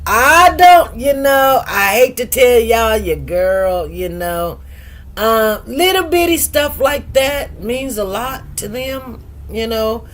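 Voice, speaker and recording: A woman's voice: fairly high pitch, animated, slow, fairly bright tone. A woman in her fifties hosting a livestream, chatting casually with viewers in a rambling, laughing way. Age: 50s. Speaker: livestream host.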